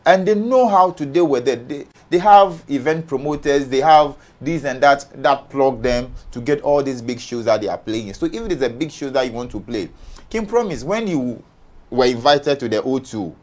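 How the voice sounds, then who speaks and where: Forceful Ghanaian man arguing on a panel. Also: medium pitch, animated, normal speed. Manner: forceful, argumentative, rhetorical questions. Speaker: entertainment show panelist. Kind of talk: heated panel discussion.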